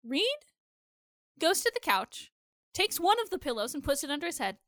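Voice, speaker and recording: High, lively woman podcast co-host. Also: moderate pace, dry recording, studio quality. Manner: animated, laughs often, swears. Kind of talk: casual chat.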